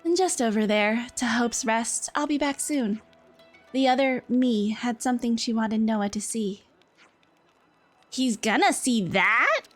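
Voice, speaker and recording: A young woman streamer chatting casually with her viewers, giggly, easily distracted and quick to apologize. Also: fairly high pitch, faint music behind.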